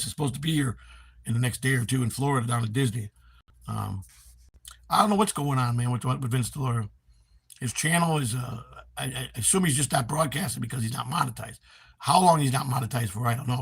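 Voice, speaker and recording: A man in his fifties from Chicago with a Chicago accent, hoarse, chatting casually on a livestream and reading viewer comments in a rambling, halting way. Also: mid-range voice. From Chicago, USA. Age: 50s. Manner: rambling, halting with many fillers. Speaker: livestream host. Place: home in Florida.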